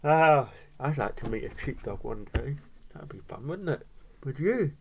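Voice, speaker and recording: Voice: medium pitch, lively intonation, moderate pace, gravelly, slight background noise. A parent reading a picture book aloud to a child, breaking off for chatty asides and little laughs.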